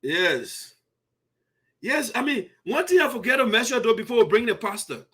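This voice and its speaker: Speaking at normal speed, the male host of a diaspora community show chats in Liberian English with a high pitch. He sounds animated, laughing often and tossing in indignant asides during his casual commentary.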